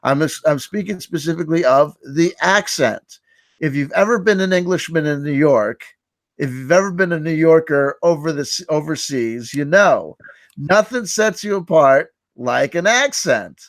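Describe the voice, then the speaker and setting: A man's voice: fairly high pitch, animated, moderate pace, dry recording, clean studio sound. A man hosting a live stream, giving a mock-earnest, sarcastic lecture and often repeating his words. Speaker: host running a mock workshop.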